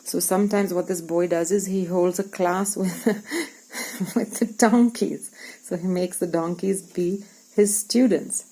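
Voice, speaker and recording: A woman's voice: fairly low pitch, level tone, moderate pace, dark tone, rough recording. A woman teacher reading a storybook aloud to young pupils and acting out its lines as she explains words.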